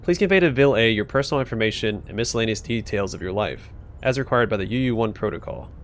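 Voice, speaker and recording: A man voicing a low, bureaucratic Soviet computer AI. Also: fast talker, a little hiss or hum, natural voice. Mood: officious. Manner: stiff, bureaucratic, punctuated with beeps and boops. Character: officious Soviet bunker computer AI, male-voiced.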